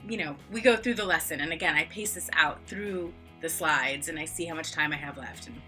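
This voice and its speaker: Bright-voiced chatty woman teacher. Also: a little fast, soft background music. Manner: chatty, filler-heavy, acts out classroom exchanges in high playful voices. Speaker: online English teacher. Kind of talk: casual vlog explanation.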